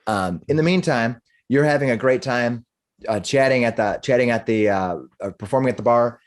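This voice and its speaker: A man's voice: mid-range voice, moderate pace. A man narrating as game master of a tabletop game, rambling and restarting as he goes.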